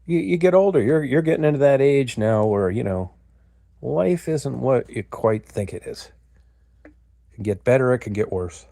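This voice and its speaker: Hosting a livestream, this older man from the US has a medium-pitched, mellow voice with lively intonation and a moderate pace. The sound is dry and clean, studio-grade, as he rambles profanely and gruffly chats with his viewers.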